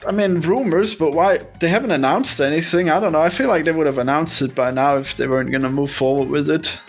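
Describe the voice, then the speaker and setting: A man's voice: fairly high pitch, fast talker, soft background music. A man co-hosting a casual movie podcast, easygoing, laughing often and asking questions. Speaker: podcast co-host.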